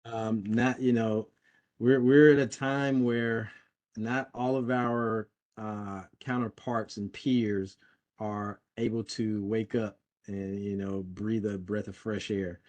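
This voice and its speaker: A man's voice: lowish voice, fairly even intonation, takes it slowly, darkish tone. A man speaking as an interview guest, casual and hesitant, with many fillers and restarts.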